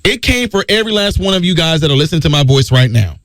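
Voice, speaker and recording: Animated high-voiced male radio host. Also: fast, dry recording, studio quality. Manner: emphatic, preachy, repeats key phrases. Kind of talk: talk radio monologue.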